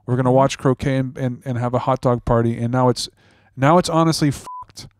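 A man's voice: mid-range voice, a little fast, a little mellow, dry recording, studio quality, close to an everyday voice. Man playing a stammering panicked son. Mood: flustered. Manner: stammering, anxious, repeating himself. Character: panicky adult son of the mother. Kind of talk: scam-bait role-play on a call.

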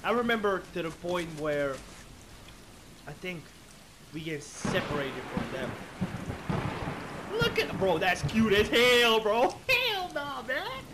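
Excitable man swearing through a game. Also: high voice, slow, pauses often, background noise. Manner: excitable, swears a lot, slangy with bro and man. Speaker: gaming channel host. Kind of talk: let's play commentary. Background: game music.

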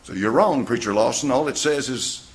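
A man's voice: mid-range voice, moderate pace. A man preaching a sermon in a church, firing rhetorical questions at his congregation. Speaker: pastor.

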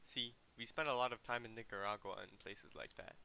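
A young man playing a quiet, bright-toned teenage boy. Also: steady tone, brisk, vocal fry, slight background noise. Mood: wistful. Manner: quiet, low-key recounting. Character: teenage boy recalling his mother.

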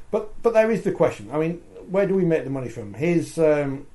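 A man's voice: fairly high pitch, sing-song, normal speed, warm tone. A man hosting a sports talk show, chatty and reading out viewer comments. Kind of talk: casual studio discussion.

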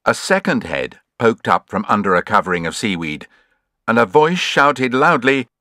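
A man narrating a children's adventure audiobook in an expressive, measured storytelling way. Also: on the low side, a little hiss or hum.

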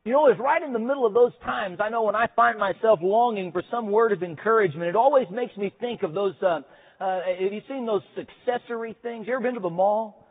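A man's voice: sits high, a little fast, breathy edge. A man preaching a chapel sermon in a folksy, self-deprecating way, with lots of hesitant fillers. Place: seminary chapel. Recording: tinny phone-like band.

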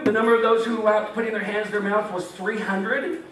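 A young man preaching casually in a high, lively voice, joking and acting out the characters as he reads scripture. He sounds far from the mic in a very echoey hall, with faint background noise. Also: a little fast. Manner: animated, jokey, acts out voices of God and Gideon. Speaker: campus ministry speaker. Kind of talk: casual sermon with scripture reading. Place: meeting hall.

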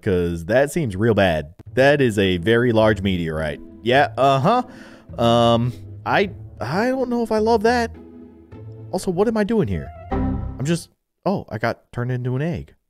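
A young gaming YouTuber gives playful let's-play commentary, swinging between loud, excited outbursts and mumbled asides. His mid-range voice keeps a measured pace over soft background music.

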